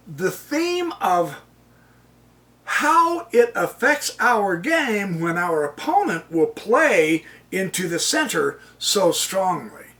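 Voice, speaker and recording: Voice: mid-range voice, a bit bright, far from the mic. Chess channel host talking through their own game, chuckly and exclaiming a lot, swoopy voice, sits back from the mic. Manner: chuckling, exclaims with delight at the opponent's moves.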